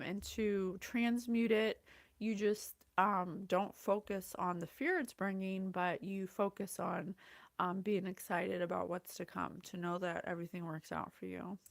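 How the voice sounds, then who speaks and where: A woman's voice: medium pitch, no room sound. A woman psychic host chatting through a casual livestream reading, effusive and gushing, greeting viewers by name. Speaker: psychic reader and show host. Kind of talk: casual livestream channeling talk.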